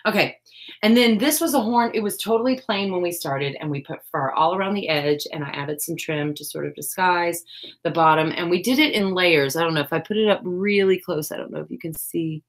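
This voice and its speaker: A woman's voice: lowish voice, brisk. Chatty woman hosting a craft stream. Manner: chatty, self-deprecating, reads chat aloud. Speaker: crafting livestream host. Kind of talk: casual livestream chat. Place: home craft room.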